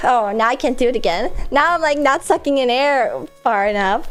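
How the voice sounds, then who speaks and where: A woman's voice: sits high, lively intonation, measured pace, faint music behind. A woman streamer chatting casually with a stuffy, congested nose, rambling and laughing often. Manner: rambling, filler-heavy, frequent laughs.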